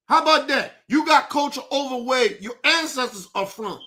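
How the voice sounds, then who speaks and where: A man delivering a heated, profane rant as a podcast host, shouting and repeating himself. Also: very high voice, animated, normal speed.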